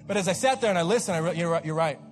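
A man preaching a fervent sermon, repeating refrains and climbing to shouts. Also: a little high, very fast, big-room sound, soft background music. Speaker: pastor.

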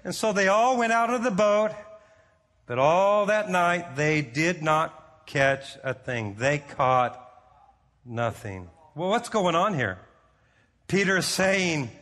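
A male pastor preaching a sermon, telling the story in an animated way and repeating words as he goes. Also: a little high, slow pace, big-room sound.

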